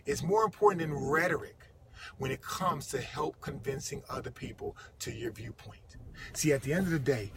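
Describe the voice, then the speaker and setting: A middle-aged man giving an energetic, emphatic motivational talk in a vlog, repeating his key phrases. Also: mid-range voice, background noise. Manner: energetic, emphatic, repetitive preaching. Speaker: motivational speaker.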